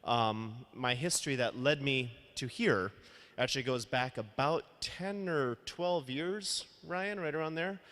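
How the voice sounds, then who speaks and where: A man's voice: mid-range voice, unhurried, a bit bright. Man, earnest storyteller at a conference, reverberant hall. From Minnesota, United States. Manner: earnest, acts out quoted dialogue. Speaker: wine blogger telling a story. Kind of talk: storytelling talk to an audience.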